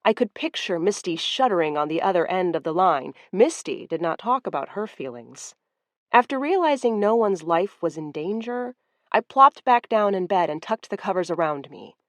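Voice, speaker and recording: A woman narrating a first-person audiobook in a calm, even, lightly amused way on a close studio mic. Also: on the low side, normal speed, dry recording.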